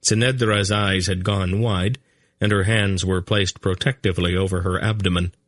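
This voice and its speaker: Deep, slow male audiobook narrator. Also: fairly even intonation, no room sound, clean studio sound. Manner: slow, measured reading. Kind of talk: scripted narration.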